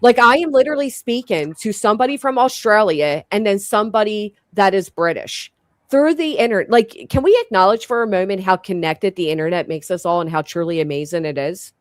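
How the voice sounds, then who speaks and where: A woman's voice: medium pitch, lively intonation, brisk, no room sound, studio quality. A woman from the United States hosting a casual chat, talkative and enthusiastic. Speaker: host.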